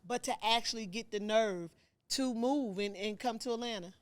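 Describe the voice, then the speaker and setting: A woman's voice: a little high, moderate pace. A woman hosting a podcast, asking her guest questions in a playful, coaxing casual chat. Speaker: podcast host.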